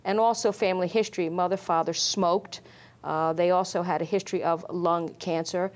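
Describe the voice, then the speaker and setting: Woman doctor with many pauses. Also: fairly low pitch, steady tone. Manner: measured, many fillers. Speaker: pulmonologist guest. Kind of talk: medical interview.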